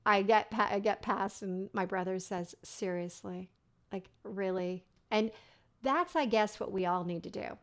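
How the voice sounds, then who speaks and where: A middle-aged woman hosting a podcast, telling a funny personal story in an animated way and laughing as she goes. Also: medium pitch, moderate pace. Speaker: podcast host. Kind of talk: storytelling monologue.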